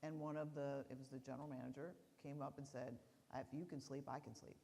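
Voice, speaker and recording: A woman's voice: very deep voice, flat delivery, quick pace, creaky, mellow. A woman on a discussion panel telling a personal story in a chatty way, often repeating words. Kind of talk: casual storytelling. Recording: reverberant hall.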